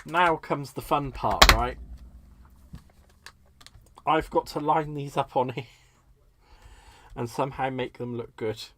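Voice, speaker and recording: A man from the United Kingdom hosts a live crafting demonstration from his home desk, chatting with viewers in a playful, camp, teasing manner while he works. His mid-range voice is pushed and bright, and he speaks slowly with long pauses.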